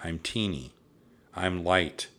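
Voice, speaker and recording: A man's voice: low voice, slow pace, sharp tone, exaggerated voice. A man doing an earnest, cautious young boy. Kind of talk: storybook read-aloud.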